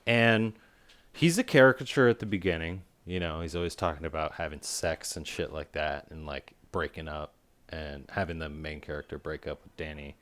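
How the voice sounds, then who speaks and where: A man's voice: a bass voice, moderate pace. A man co-hosting a casual film review podcast, rambling with lots of fillers. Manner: rambling, filler-heavy, animated when making a point.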